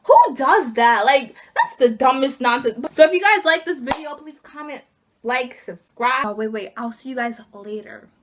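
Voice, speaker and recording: A young woman vlogger telling an indignant, animated story about being fired, acting out each side of the conversation. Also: sits high, moderate pace, noisy background. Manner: indignant, animated retelling with acted quotes. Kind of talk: casual storytime rant.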